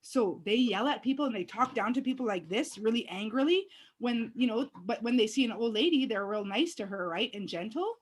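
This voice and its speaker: A woman telling a story in casual chat, excitable and profane, shouting the heated moments. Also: a little high, fairly quick, husky.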